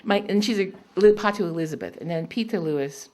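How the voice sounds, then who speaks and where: A woman's voice: mid-range voice, fast talker, a little mellow. A woman poet at a public reading, telling rambling personal stories between poems and laughing often. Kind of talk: storytelling talk between poems.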